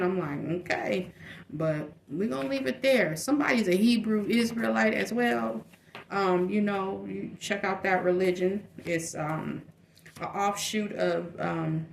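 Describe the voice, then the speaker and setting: A woman's voice: mid-range voice, gravelly. A woman giving a casual tarot reading in a blunt, chatty way, with slang and fillers. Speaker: tarot reader. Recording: echoey room with faint noise.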